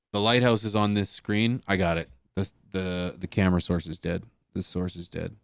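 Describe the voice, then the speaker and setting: The sound is clean and echo-free as a man with a lowish, clear-toned voice hosts a casual livestream. He laughs and mutters to himself while fixing the tech on his monitors.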